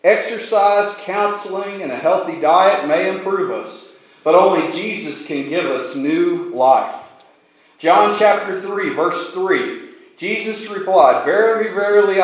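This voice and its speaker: A man preaching a sermon slowly and deliberately, pausing for emphasis. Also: sits high, animated. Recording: very echoey room.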